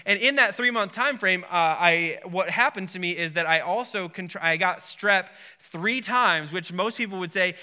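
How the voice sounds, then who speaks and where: A man's voice: sits high, bright, forceful tone. A man in his thirties preaching a sermon, telling a personal story in a rambling way, often repeating words and restarting. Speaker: pastor.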